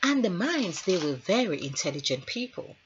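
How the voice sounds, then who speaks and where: A woman's voice: fairly low pitch, big pitch swings, normal speed, background noise. A woman who works as a healer, giving a spiritual numerology talk in a rambling, musing way with storytelling asides. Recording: dull lo-fi recording.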